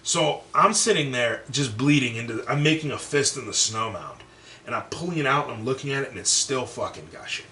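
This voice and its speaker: A young adult man on a podcast, telling a story in casual talk, profane and animated, acting out what people said. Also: medium pitch, a little fast, distant mic. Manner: profane, animated, acts out quotes. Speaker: podcast co-host. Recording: roomy echo, set back from mic, faint background noise.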